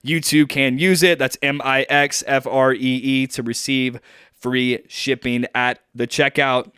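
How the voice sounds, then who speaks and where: A young man co-hosts a podcast from home, rambling and joking with plenty of fillers. His voice is smooth and clear at a middle pitch. The sound is dry and close to the mic. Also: flat delivery, unhurried, bright, forceful tone, no echo. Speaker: podcast co-host. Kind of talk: casual podcast chat. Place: at home on a video call.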